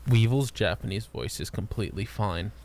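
A man's voice: fairly low pitch, moderate pace, a little mellow, a little hiss or hum. A man co-hosting a podcast in casual comedic chat, joking and crude. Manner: joking, loose, crude humor. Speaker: podcast co-host.

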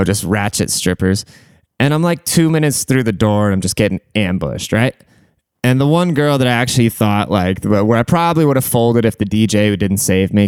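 A man's voice: lowish voice, a little mellow, clear, resonant tone, no room sound, clean studio sound. A young man telling stories in a casual, crude and profane way, rambling and full of fillers. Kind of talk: casual storytelling.

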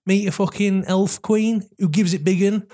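A young British man co-hosting a casual podcast. He swears freely and laughs often. He slips into quick put-on voices when retelling film scenes. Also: high voice, steady tone, dark tone. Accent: British English. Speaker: podcast co-host. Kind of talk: casual chat.

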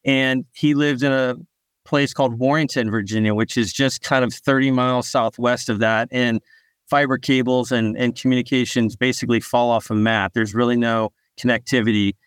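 A man, a startup founder, answering podcast interview questions in a relaxed storytelling way, often repeating a word as he restarts. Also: medium pitch, normal speed, clear, resonant tone, dry recording, clean studio sound.

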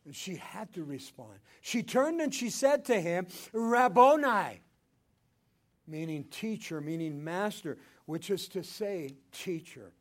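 An older man preaching a sermon, swinging between loud emphatic lines and hushed ones. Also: on the high side, expressive, measured pace, few pauses. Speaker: pastor.

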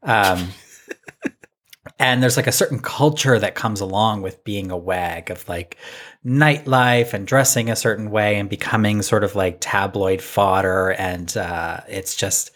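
Chatty low-voiced North American man podcaster. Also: a little slow, a bit bright. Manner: chatty, recapping, laughs at own jokes. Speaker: podcast co-host. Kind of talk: casual chat.

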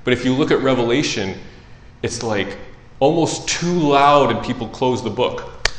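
A man preaching in a loose, conversational way, dropping almost to a murmur and then rising to emphatic, louder passages. He reads scripture aloud between his own asides. His voice sits at an ordinary middle pitch and rings in a reverberant room. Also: measured pace. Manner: conversational, swings between soft and loud. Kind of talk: sermon with scripture reading.

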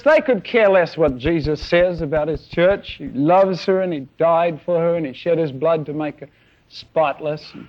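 A man preaching a sermon to young people, telling a story animatedly and acting out scenes with sound effects. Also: high voice. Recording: dull lo-fi sermon recording.

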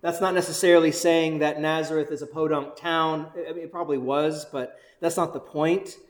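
A male pastor preaching a sermon in an energetic, conversational way, often checking in with the congregation. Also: on the high side, moderate pace, reverberant. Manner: energetic, conversational, keeps asking "right?"; excited, bouncing while preaching.

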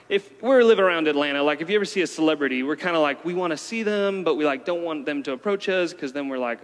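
A man's voice: on the high side, a bit bright. A man preaching a casual, conversational sermon with many fillers. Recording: long hall reverb.

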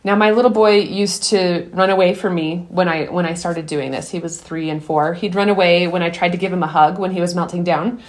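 A woman's voice: on the low side, steady tone, brisk, few pauses. A woman hosting a podcast, giving earnest, encouraging parenting advice and telling her own story, often restarting sentences. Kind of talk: earnest advice talk mixed with personal story.

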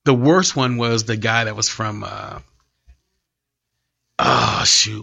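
A man's voice: fairly low pitch, animated, takes it slowly, gravelly, long pauses, sharp tone, breathy edge, no room sound, dull audio. A man guesting on a comedy podcast, talking bluntly and rambling through opinions and stories. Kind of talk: casual chat.

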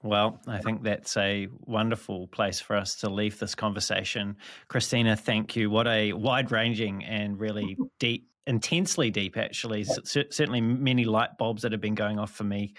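Male podcast host, measured and courteous, low voice on a dry close mic. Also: steady tone, fairly bright tone, no echo. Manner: measured, courteous, a few restarts. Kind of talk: interview podcast hosting.

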